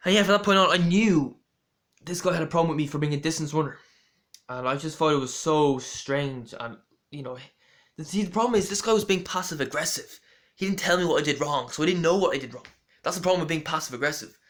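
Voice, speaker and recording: A man's voice: fairly high pitch, quick pace, a bit bright. A young man rambling through a casual storytelling monologue with lots of fillers and restarts. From Ireland. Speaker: vlogger.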